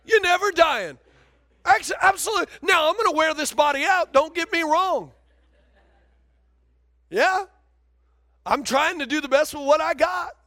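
Male pastor with a very high voice, animated sermon delivery, calls out to the congregation, dry close sound. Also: a little slow, long pauses, no echo.

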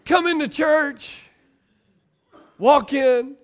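Man, pastor, high-pitched, preaching, call-and-response, middle-aged. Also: expressive, moderate pace. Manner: preaching with call-and-response, swings between loud and quiet. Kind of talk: sermon.

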